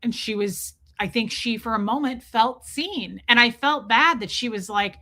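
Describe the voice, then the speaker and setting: Bright-voiced woman ranting on a livestream. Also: on the high side. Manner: talks fast and emphatic, repeats herself; breaks off to thank chat viewers. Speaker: livestream host. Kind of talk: casual livestream commentary.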